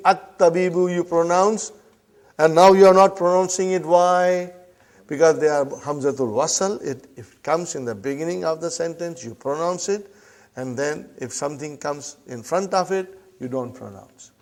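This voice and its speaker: A man teaching a classroom Arabic lesson, slowly drilling phrases and often checking that his students follow. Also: a little high, darkish tone.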